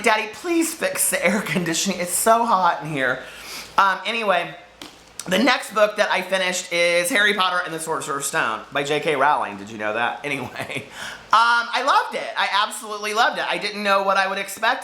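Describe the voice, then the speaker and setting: A book vlogger rambles and giggles through a casual chat about the books he read this week, overheated in a hot room. His voice is high, animated and brisk with a sharp edge, and the sound is roomy.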